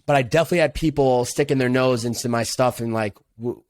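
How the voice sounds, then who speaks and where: Young man, podcast guest, earnest, reflective, casual slang, middle pitch, dry close sound. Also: quick pace, a little mellow, no room sound. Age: young adult. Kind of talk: casual interview conversation.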